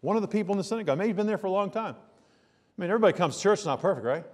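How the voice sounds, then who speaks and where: A man preaching a sermon as a pastor, in a conversational style that swings between hushed asides and loud emphasis. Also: high-pitched, lively intonation, racing, big-room sound. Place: church sanctuary.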